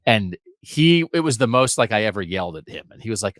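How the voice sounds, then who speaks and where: A man's voice: fairly low pitch, sing-song, fairly bright tone, no echo. A man co-hosting a college football podcast, arguing his points emphatically in casual sports talk. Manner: emphatic, argumentative, rapid asides. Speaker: podcast co-host.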